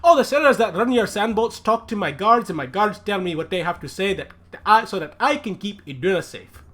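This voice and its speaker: A pompous old elephant-folk mayor from a tabletop fantasy game, as a man puts him on. His high voice is bright and bouncy, and he sounds breezy and self-important, as if he can go wherever he pleases. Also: animated, brisk. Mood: jovial. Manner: chatty, self-important, jovial.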